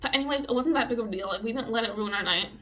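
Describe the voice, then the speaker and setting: A young woman telling a story in a casual vlog, talking fast and loose with lots of swearing and filler words. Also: a little high, fairly bright tone. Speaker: vlogger. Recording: dull lo-fi audio with faint music.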